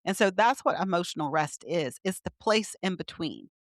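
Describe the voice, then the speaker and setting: A middle-aged woman, appearing as a physician guest, earnestly explains ideas in a conversational interview, punctuated by light laughs. Her lowish voice is animated at a normal speed, recorded dry in studio quality.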